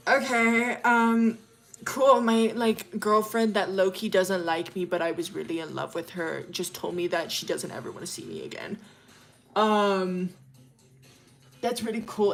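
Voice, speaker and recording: A woman's voice: mid-range voice, lightly acted. Woman doing a hurt, hesitant teenage girl.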